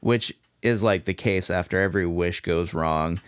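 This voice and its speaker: A man co-hosting a podcast, calmly explaining a film's plot in casual chat. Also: low-pitched, normal speed, smooth, no echo, studio quality. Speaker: podcast co-host. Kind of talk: casual movie recap chat.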